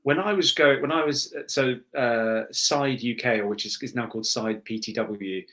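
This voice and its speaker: A man's voice: mid-range voice, normal speed, a bit bright. A male voice actor chatting as a podcast guest, rambling with restarts and self-mocking swears. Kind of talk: casual podcast chat.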